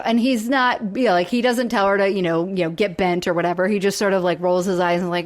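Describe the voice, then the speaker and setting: A woman co-hosting a casual podcast, retelling a sitcom episode in lively detail. She jumps into quick acted-out lines for each character as she goes. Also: mid-range voice. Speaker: podcast co-host.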